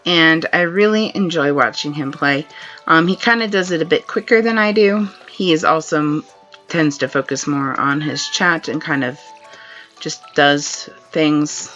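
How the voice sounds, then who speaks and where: A woman streaming a game live, chatting in a relaxed way and laughing often as she plays, with dull lo-fi stream audio and faint game music behind her. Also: deep voice, measured pace. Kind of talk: live gameplay commentary.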